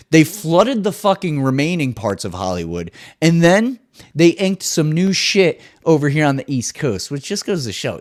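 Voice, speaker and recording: A young man hosting a comedic solo podcast, ranting with swearing and swinging between loud bursts and muttered asides. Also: fairly high pitch. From New Jersey. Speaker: podcast host.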